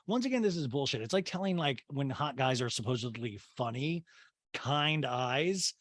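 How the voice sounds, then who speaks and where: A man's voice: mid-range voice, expressive, normal speed, fairly bright tone, no room sound. A man hosting a comedy podcast, recapping a reality show in a sarcastic, rambling way. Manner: sarcastic, rambling riffing with impressions. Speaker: podcast host.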